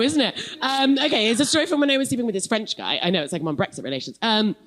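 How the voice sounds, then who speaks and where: A woman in her thirties with a posh English RP accent, a comedian doing stand-up and then chatting in an interview with a wry, self-mocking manner. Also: fairly high pitch. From England. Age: 30s. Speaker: comedian, guest. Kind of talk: stand-up set, then casual interview chat.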